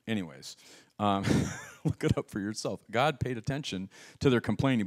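A man preaching a sermon as pastor, with a lively, humorous delivery full of asides. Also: lowish voice. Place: church sanctuary.

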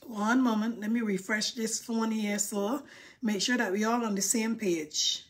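A woman's voice: on the high side, fairly even intonation, unhurried, breathy edge. A woman hosting a casual livestream, chatting and reading viewer comments in a dramatic way, with informal dialect grammar. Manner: chatty, dramatic mock-crying over likes. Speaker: livestream host.

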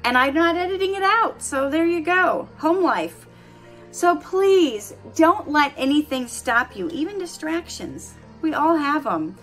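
A middle-aged woman at home giving earnest, animated motivational advice to camera, laughing easily. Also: sits high, a little slow, faint music behind. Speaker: vlogger giving life advice. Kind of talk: casual motivational talk to camera.

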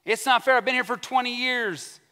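Whiny, aggrieved grown man, put on by a male preacher, voice pushed high, echoing through a big hall. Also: brisk, pushed and bright, clean tone. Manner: whiny, complaining. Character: whining aggrieved grown man complaining about unfairness. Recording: long church hall reverb.

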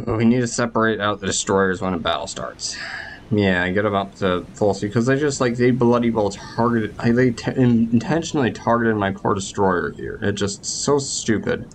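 A man's voice: lowish voice, normal speed, a little hiss or hum. A man commentating on a naval strategy game, frequently exasperated and cursing, breaking off mid-sentence when agitated. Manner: frustrated, exclaiming and cursing at the game; broken restarts when agitated. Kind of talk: gameplay commentary.

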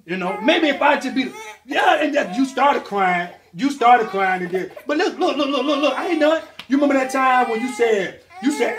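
A man's voice: very high-pitched, expressive, normal speed, a bit bright. A man joking and telling rambling stories to a crying baby, playful and often laughing, filmed on a phone. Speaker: uploader talking to a crying baby. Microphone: phone video. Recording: noisy room with crying and laughter. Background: baby crying, people laughing.

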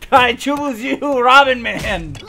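A man's voice: high-pitched, pushed and bright. A man giving playful, goofy commentary while he plays a superhero video game, stammering and laughing as he goes. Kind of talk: playful let's-play commentary.

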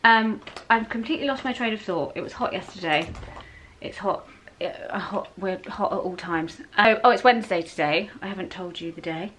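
A woman's voice: medium pitch, normal speed, a bit bright, slight background noise, poor audio. A woman with an English accent chatting casually to her camera in a rambling vlog, often correcting herself. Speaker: vlogger.

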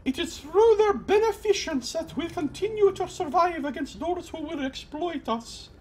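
A man voicing a haughty, formal female fish-person agent while reading game dialogue aloud, in a stiff, drawn-out manner. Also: very high voice, lively intonation, a little mellow, a little hiss or hum, pitched above the performer's own voice. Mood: proud.

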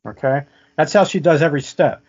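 A man's voice: on the high side, fairly quick, a little mellow. A man telling a vivid story as an interview guest, often checking in with "okay?". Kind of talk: casual storytelling. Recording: muffled lo-fi audio.

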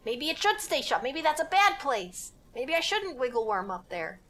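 Her voice sits high and swings widely in pitch, fairly bright and at a normal speed. The young streamer mutters to herself through a live horror game, giggling nervously and cursing along the way.

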